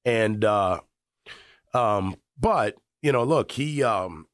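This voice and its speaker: A man's voice: on the low side, slow, dry recording, clean studio sound. A middle-aged man from the Chicago area telling a rambling story on sports radio, full of restarts. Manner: rambling, animated, frequent restarts. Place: radio studio.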